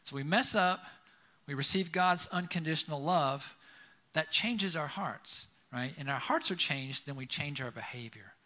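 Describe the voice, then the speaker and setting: Bright-voiced man preaching conversationally. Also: a little high, lively intonation, a little slow. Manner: storytelling, keeps asking "right?". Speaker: pastor. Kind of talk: conversational sermon.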